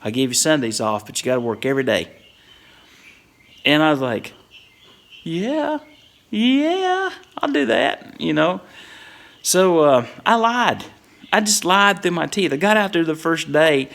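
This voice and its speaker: A middle-aged man from tells a comic story in a relaxed, conversational way. His voice sits a bit high for a man and has a gravelly, fry-laden texture, and he breaks into little chuckles throughout. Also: normal speed. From Whitley County, Kentucky.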